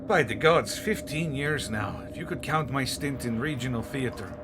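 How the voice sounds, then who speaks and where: A man's voice: mid-range voice, normal speed, close to an everyday voice. A man reading aloud the lines of a rambling, oddball male rogue from a video game, in a matter-of-fact storytelling way. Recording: noisy background hiss.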